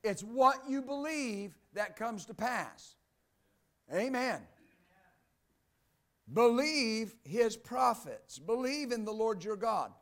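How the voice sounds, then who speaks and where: A man preaches a sermon in a high, bright register. He reads passages of scripture aloud, then breaks them down with emphatic repetition. He returns again and again to the same short phrases to drive his points home. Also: expressive, slow pace. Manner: emphatic, repeats "Amen" and "believe that". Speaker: pastor.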